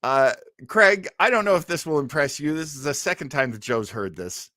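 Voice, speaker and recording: A male podcast host who eagerly shares nerdy trivia in casual chat. His average-pitched voice rises and falls widely, and the sound is close and dry. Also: expressive, moderate pace, sharp tone, no room sound. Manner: enthusiastic, self-described nerdy, shares trivia.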